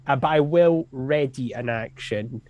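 A man's voice: mid-range voice, unhurried, a little mellow, muffled recording. A man playing a tabletop game over voice chat, rambling and hesitant with frequent giggles. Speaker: player.

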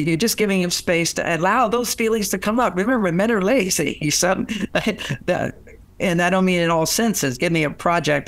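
An older man, a relationship author being interviewed, telling anecdotes in lively conversational style and acting out quoted voices with many restarts. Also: on the high side, dry recording. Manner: animated, acts out quoted voices, frequent restarts.

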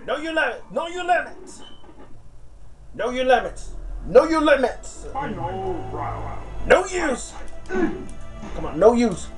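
A man shouts himself through a fighting game in a very high voice. He keeps urging himself on and swearing in frantic bursts, with slow, drawn-out words. Game music plays clearly underneath. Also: very animated. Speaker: gamer. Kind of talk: shouting self-coaching while playing a fighting game.

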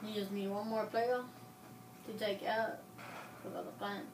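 A woman's voice: mid-range voice, little pitch movement, a little slow, background noise. A woman chatting casually while gaming, teasing and playfully nagging her teammate. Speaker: gamer. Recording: distant roomy phone recording. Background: game sounds from a TV.

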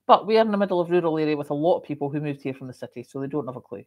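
A woman's voice: low voice, animated, racing, muffled recording. A middle-aged woman from Scotland with a moderated Scottish accent, hosting a livestream and chatting casually as she reads out viewer comments, with frequent coughs and ums. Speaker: livestream host.

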